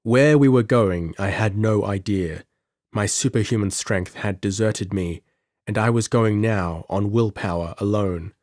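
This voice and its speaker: A man narrating a pulp adventure story in an audiobook with measured, dramatic delivery. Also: on the low side, a little mellow, no room sound, studio quality.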